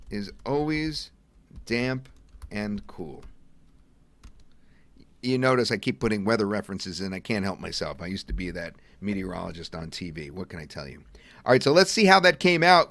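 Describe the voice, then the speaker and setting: A middle-aged man presenting a software demo in a casual webinar, chatting and thinking aloud as he clicks through at a computer. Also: lowish voice, gravelly. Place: at a computer desk.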